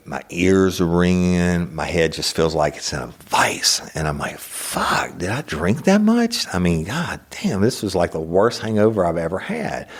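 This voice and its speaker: A middle-aged man with an extremely low voice tells a personal story on his podcast. He talks bluntly and swears freely, and he gets animated as the story builds. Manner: blunt, profane, animated retelling. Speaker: podcast host. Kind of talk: casual storytelling monologue.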